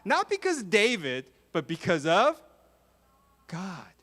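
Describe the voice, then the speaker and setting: A man preaching a sermon to children, lively and full of questions to the kids in a church. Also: sits high, slow.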